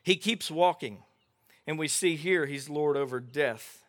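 A middle-aged man preaching a sermon as pastor, telling Bible stories with animated voices for the characters. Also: a little high, measured pace. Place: outdoor gathering without a building.

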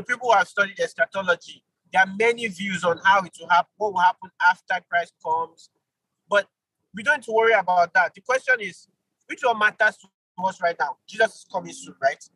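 A man teaching an online Bible study, animated, with sudden jumps in pitch for emphasis and quick apologetic asides. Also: husky, dry recording, rough recording.

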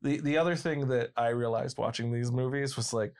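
A man in his late twenties talking casually about movies. He laughs easily and slips into playful impressions when he retells a story. His voice sits at an ordinary middle pitch. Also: brisk, darkish tone. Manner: chatty, laughing, acts out quotes in funny voices.

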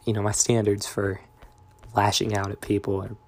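A man's voice: on the low side, completely flat delivery, moderate pace, a little mellow. A young man in a casual vlog monologue, rambling and meandering with lots of fillers and half-finished thoughts. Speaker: vlogger.

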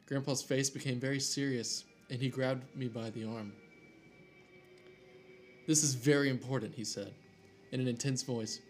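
A man's voice: medium pitch, little pitch movement, moderate pace, hardly any pauses. A man casually reading a scary story aloud, cracking jokes and tripping over names, with faint music behind. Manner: reads aloud with jokey asides and stumbles over names.

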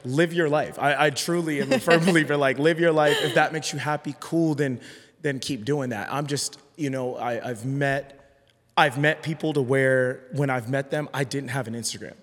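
A man's voice: medium pitch, steady tone, normal speed, a bit bright. A man talking as a podcast guest in a casual conversation, earnest and hesitant, often restarting his sentences. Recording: long hall reverb.

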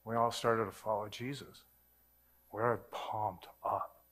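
A man's voice: on the low side, steady tone, a little slow, a bit bright, husky. A man preaching a sermon, telling his own faith story in a casual, earnest way. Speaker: pastor. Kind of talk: sermon testimony.

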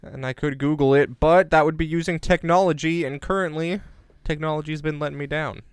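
A man co-hosting a podcast in casual chat, rambling with jokey deadpan asides. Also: on the high side, a little fast, smooth, no room sound, clean studio sound. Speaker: podcast co-host. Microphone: remote recording on separate devices.

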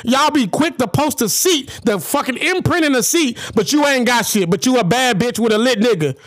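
A man's voice: very high-pitched, expressive, normal speed, a bit bright, no room sound, clean studio sound. A man co-hosting a podcast, ranting in brash, profane casual banter and talking over the others. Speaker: podcast co-host.

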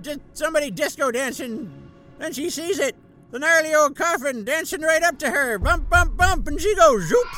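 A man's voice: very high voice, exaggerated voice, poor audio. A man playing a sardonic, folksy uncle who tells bedtime horror stories on a comedy radio show. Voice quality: folksy drawl, dark deadpan asides. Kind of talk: comic radio-show storytelling.

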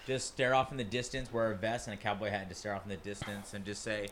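A man co-hosting a casual podcast, excitable and swearing, jumping high when thrilled. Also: fast talker, background noise. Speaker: podcast co-host.

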